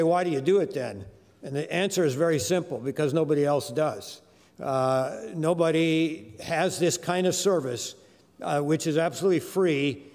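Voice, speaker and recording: Older man, preacher, sermon, high voice, conversational with fillers, long hall reverb. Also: a little mellow. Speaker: guest preacher. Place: church sanctuary.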